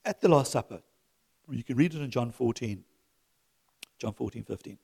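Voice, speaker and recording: Lively middle-aged male preacher. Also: mid-range voice, moderate pace, vocal fry, slightly rough. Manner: lively preaching, swings from loud exhortation to soft asides, chuckles. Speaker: pastor. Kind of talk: sermon. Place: church.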